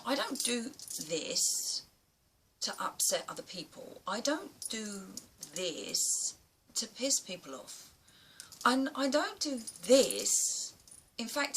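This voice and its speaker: A woman speaks straight into a camera mic, blunt and emphatic, with a casual swear here and there. Her voice is bright and a little husky, and her pitch rises and falls a lot. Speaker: vlogger. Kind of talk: casual opinion vlog to camera.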